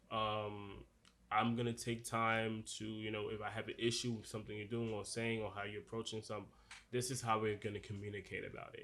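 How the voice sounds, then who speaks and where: Young male podcast co-host, accented, earnest and rambling, on the low side. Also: a bit bright. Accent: noticeable non-standard accent. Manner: earnest, loose, full of "like" and restarts. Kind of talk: casual podcast discussion.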